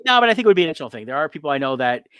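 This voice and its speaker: A man's voice: on the high side, sing-song, very fast, bright, forceful tone, clear, resonant tone, dry recording. A man co-hosting a casual talk show, rambling with many fillers and repeated words. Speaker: podcast co-host. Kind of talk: casual chat.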